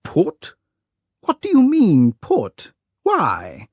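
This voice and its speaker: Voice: mid-range voice, huge pitch swings, extremely slow, a little mellow, no room sound, studio quality, voice pushed up, exaggerated voice. Narrator voicing a flustered elderly lord. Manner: sputtering, indignant questions. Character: flustered elderly male aristocrat, easily troubled. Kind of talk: audiobook character reading.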